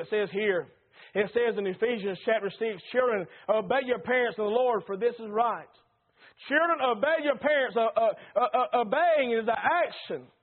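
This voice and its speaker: High-voiced Southern preacher, tinny sound. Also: male voice. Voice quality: folksy, repetitive preaching cadence. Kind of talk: sermon. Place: church.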